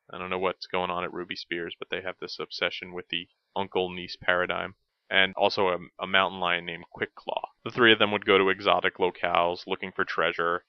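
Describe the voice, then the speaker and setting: A man narrates a scripted look back at old cartoons, his voice low and deep. He slips in wry, dry jokes between the facts. The recording is close and dry, with a slightly dull, lo-fi tone. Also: clean tone, no room sound. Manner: wry, with dry joking asides. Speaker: host.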